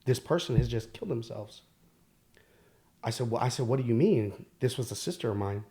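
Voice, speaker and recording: A man telling his own life story as a podcast guest, candid and halting, with many fillers and restarts. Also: medium pitch, lively intonation, dark tone. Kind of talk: personal storytelling.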